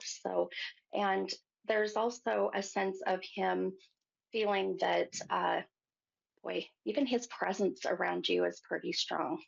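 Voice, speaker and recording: A woman hosting a psychic show, giving a gentle reading to a caller and calling her hon. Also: lowish voice, creaky, breathy edge. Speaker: psychic medium host. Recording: muffled lo-fi sound.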